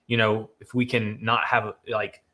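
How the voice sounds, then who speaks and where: A man's voice: on the low side, flat delivery, unhurried, bright, forceful tone. Earnest man co-hosting a livestream. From Nashville, Tennessee. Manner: earnest, emphatic, reads donor comments aloud. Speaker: livestream co-host. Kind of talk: casual livestream chat.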